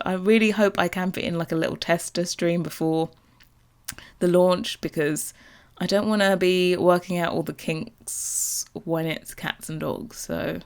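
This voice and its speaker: Chatty, excitable young woman. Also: on the low side, smooth. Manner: bubbly and rambling, gets excited about new content. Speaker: Sims builder and YouTuber. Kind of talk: casual chat over a speed build.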